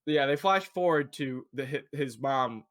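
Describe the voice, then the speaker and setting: A man's voice: medium pitch, a little slow, fairly bright tone. A man casually recapping a TV episode with a co-host, rambling with lots of fillers and swearing. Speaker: show co-host.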